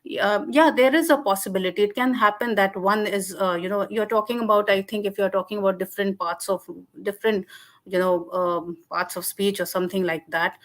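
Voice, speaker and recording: A woman's voice: mid-range voice, fairly even intonation, a little fast. Indian woman explaining linguistics in a webinar. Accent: Indian English. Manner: explanatory, with many fillers and self-restarts. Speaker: webinar guest speaker on linguistics. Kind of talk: answering audience questions in a webinar.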